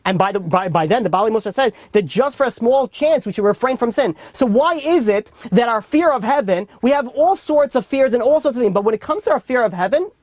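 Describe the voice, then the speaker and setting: A man's voice: extremely high pitch, animated, brisk, hardly any pauses, a little mellow, dry recording. A man with a New York accent teaching an informal Torah class in a casual, chatty way full of fillers and restarts. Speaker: rabbi teaching a weekly class.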